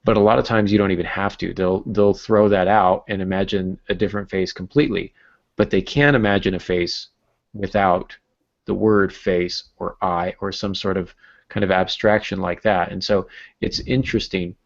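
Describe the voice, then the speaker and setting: A man's voice: deep voice, steady tone, normal speed, gravelly, dull audio. A man co-hosting a writing podcast, chatting casually with jokes and many fillers. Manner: rambling, joking, many fillers. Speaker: podcast co-host.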